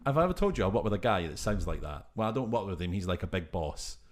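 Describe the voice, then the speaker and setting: A man's voice: deep voice, big pitch swings, quick pace. A man co-hosting a podcast in casual chat, playful and teasing. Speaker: podcast co-host.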